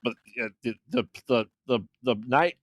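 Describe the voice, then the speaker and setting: A man's voice: medium pitch, normal speed, dry recording, lo-fi sound. A man co-hosting a podcast, chatting casually about movies, laughing often and chiming in with short agreeing replies. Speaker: podcast co-host. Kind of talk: casual film review chat.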